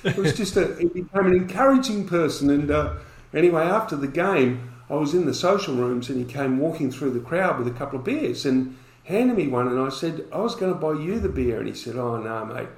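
A man's voice: a little high, expressive, a little fast, hardly any pauses, darkish tone, roomy sound, rough recording. A man, a podcast guest telling a story and acting out the dialogue in it.

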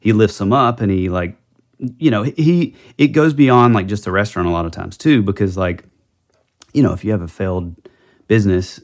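Male podcast co-host, fairly low voice, relaxed rambling chat. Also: moderate pace. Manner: rambling, full of fillers and restarts. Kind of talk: casual chat.

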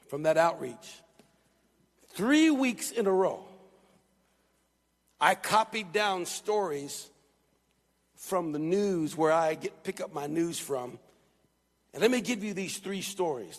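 A male pastor preaching an emphatic, repetitive sermon in a church. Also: fairly high pitch. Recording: long church-hall reverb.

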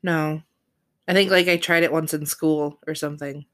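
A woman's voice: low voice, steady tone, normal speed, a bit bright. A woman co-hosting a podcast, chatting casually about a reality show with many fillers and easy laughter. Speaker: podcast co-host.

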